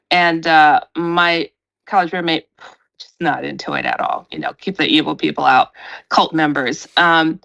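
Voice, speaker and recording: Middle-aged woman, paranormal researcher as guest, lively storyteller, a bit low-voiced, dull lo-fi audio. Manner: acts out quotes with big pitch jumps, laughs often. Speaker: paranormal researcher and radio host as interview guest. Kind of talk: animated storytelling.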